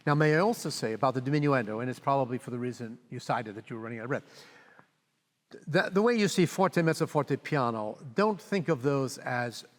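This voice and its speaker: A man's voice: medium pitch, fairly quick. Older man coaching in a reverberant hall. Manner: animated, sings phrases aloud. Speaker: conductor coaching a brass player. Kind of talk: master class coaching.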